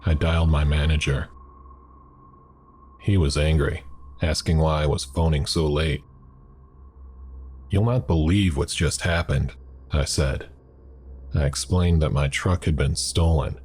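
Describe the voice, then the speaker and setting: A man narrating a horror story in a measured, deliberate scripted reading. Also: extremely low pitch, little pitch movement, a little mellow, a little hiss or hum.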